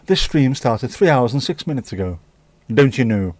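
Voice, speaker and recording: A man's voice: medium pitch, lively intonation, a little slow, darkish tone, no room sound. Chatty Scouse man hosting a stream. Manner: chatty, banters with viewers reading the chat. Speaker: livestream host. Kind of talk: casual livestream chat.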